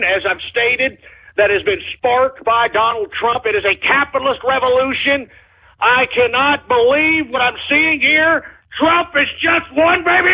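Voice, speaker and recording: A radio host rants in an excited, fired-up way, piling on repeated phrases and curses. His voice sits very high and sounds husky and worn. It comes through a narrow, tinny phone-like line. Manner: fired-up, shouty, swears and repeats himself. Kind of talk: excited call-in radio rant.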